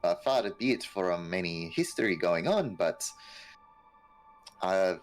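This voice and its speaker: A man voicing a smooth-talking nobleman who hesitantly tries to keep the peace. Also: deep voice, animated, slow, soft background music, low-quality recording. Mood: placating.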